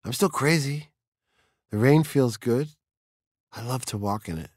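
A man's voice: medium pitch, a little slow, a little mellow, dry recording, studio quality, voice pushed up, close to an everyday voice. A man voicing a curious, dreamy seventeen-year-old girl in an audiobook reading, with a light, wondering, playfully probing manner.

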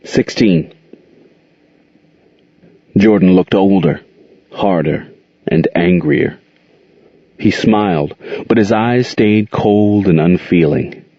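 A man with a very deep voice reads a story aloud at a steady, even pace. The recording is dry with a slightly dull, lo-fi sound. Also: slow pace, pauses often, dry recording. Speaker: narrator.

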